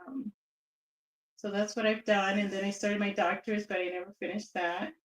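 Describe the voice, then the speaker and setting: A woman's voice: mid-range voice, level tone, normal speed, reverberant, rough recording. A woman from Southern California, a guest in a casual interview, telling stories in a chatty, reflective way with restarts.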